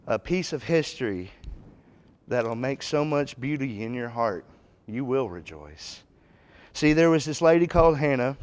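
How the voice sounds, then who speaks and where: Man in the pulpit, folksy and emphatic, smooth clear voice, mid pitch. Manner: folksy and emphatic, rising for scripture readings. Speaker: guest preacher. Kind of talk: Bible class sermon. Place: church auditorium.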